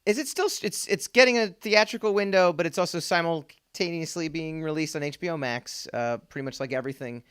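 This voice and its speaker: Male podcast host, casual chat, slightly higher voice, clean and resonant, rambling delivery. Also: brisk, few pauses, fairly bright tone, clean tone. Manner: rambling, laughs often, many fillers and restarts. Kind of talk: casual pop culture chat.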